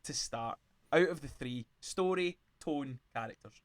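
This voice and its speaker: A man's voice: mid-range voice, lively intonation, measured pace. A man hosting a casual podcast chat, arguing his side and cutting in with many restarts. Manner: argumentative, interrupts, many restarts. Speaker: podcast host.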